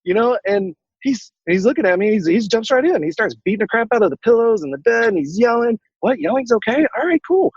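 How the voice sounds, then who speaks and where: A man telling a personal story as a podcast guest, fast and lively, acting out the dialogue. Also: high voice, husky, lo-fi sound. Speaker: coaching client and guest.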